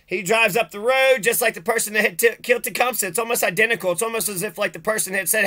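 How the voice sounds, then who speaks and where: High, tense-voiced ranting man. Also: fast talker, hardly any pauses, sharp tone. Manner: agitated, profane, sarcastic. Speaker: vlogger. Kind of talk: ranting video commentary.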